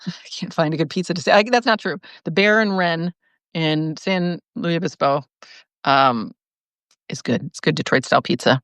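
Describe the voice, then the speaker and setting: Woman chatting on a live stream, lowish voice, laughs a lot, dry close sound. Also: moderate pace, no room sound. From lived in Chicago, now in California. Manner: animated, laughs often, restarts sentences. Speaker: host reading viewer comments. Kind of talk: casual live-stream talk.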